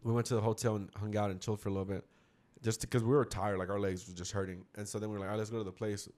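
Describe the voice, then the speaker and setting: A man's voice: on the low side, flat delivery, racing, a little mellow. A man telling a rambling, slangy story in a casual chat with friends. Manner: rambling, slangy, quotes others mid-story.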